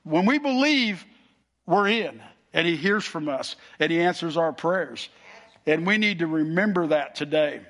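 A man's voice: on the high side, animated, measured pace, fairly bright tone. A middle-aged male pastor preaching a sermon with folksy storytelling and frequent restarts. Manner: folksy storytelling, repeats words.

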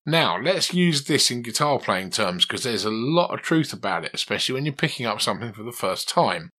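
A man's voice: medium pitch, sing-song, a little fast, bright, forceful tone. A man teaching a guitar lesson, chatting and asking his student questions as he coaches. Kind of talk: conversational one-to-one lesson.

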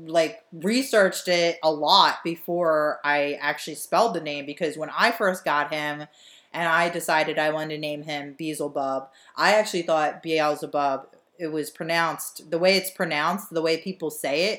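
A woman's voice: low-pitched, normal speed, a bit bright. A woman, telling a story with animation and swearing freely as a podcast co-host. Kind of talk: casual chat.

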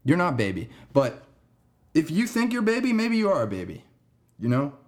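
A man's voice: a little high, wildly swooping pitch, moderate pace. A young man hosting a podcast, telling a story in a rambling, laid-back way and saying "dude" and "man" a lot. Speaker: podcast host. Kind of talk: casual storytelling monologue.

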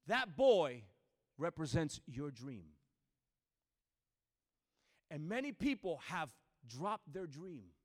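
Male preacher, high voice; dynamic sermon delivery, shouts then drops to a hush. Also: big pitch swings, takes it slowly, long pauses. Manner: swings from shouting to hushed near-whispers.

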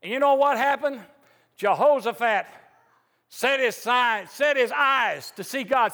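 Fervent male preacher with a very high, forceful voice, recorded in an echoey church hall. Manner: fervent, emphatic preaching with rising outbursts. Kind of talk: sermon.

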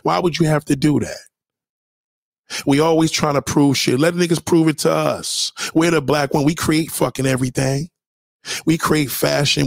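A man's voice: a little high, gravelly, dry recording, clean studio sound. A man giving a heated, profane reaction rant as a commentator, talking back to a clip. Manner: profane, confrontational, preachy.

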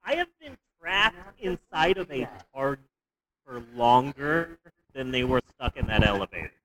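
A young man co-hosting a podcast, telling stories in a rambling, animated way with stumbles and restarts. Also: medium pitch, normal speed, crowd noise, low-quality recording. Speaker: podcast co-host. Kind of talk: casual comedic movie review chat.

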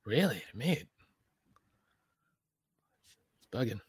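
A relaxed man co-hosts a casual live stream. He trades wry remarks and laughs easily. His voice moves lively up and down. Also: medium pitch, slow pace, slightly rough, no echo. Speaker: podcast co-host.

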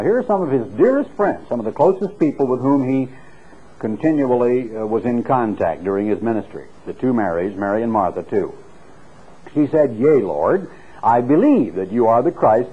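A middle-aged male preacher delivers a sermon in an earnest, storytelling way, his voice lifting for emphasis. The sound is slightly husky. It comes through a thin, phone-like radio recording. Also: mid-range voice. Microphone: clip-on microphone.

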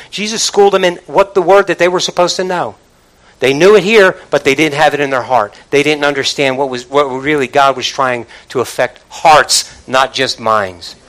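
A man preaching a sermon to a congregation, with call-and-response asides, starting low and building to loud exclamations. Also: low-quality recording. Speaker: pastor.

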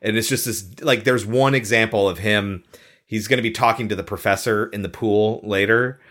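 A man's voice: on the low side, steady tone, normal speed, a bit bright. A man co-hosting a podcast, chatting casually about a film and laughing often. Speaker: podcast co-host.

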